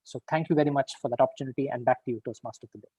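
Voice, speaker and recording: A man giving an upbeat, encouraging evaluation of a speech at an online club meeting, stressing words and pausing for effect. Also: mid-range voice, steady tone, dark tone, slightly rough, no room sound, poor audio.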